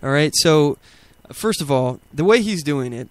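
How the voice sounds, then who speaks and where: A man's voice: on the high side, lively intonation, measured pace, dry recording. A man hosting a talk show, giving indignant, rambling commentary on video clips with many fillers and restarts. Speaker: podcast host.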